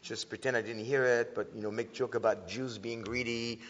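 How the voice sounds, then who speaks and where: A man giving an earnest, animated talk to an audience, often restarting his sentences and filling pauses. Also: mid-range voice. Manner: earnest, with frequent restarts and filler sounds. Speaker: speaker teaching about antisemitism. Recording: dull lo-fi sound with long hall reverb.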